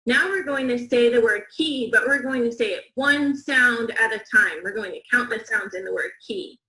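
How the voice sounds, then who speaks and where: A woman teaching young students a phonics lesson, slow, clear and encouraging, with call-and-response counting. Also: on the high side, sharp tone, reverberant, rough recording.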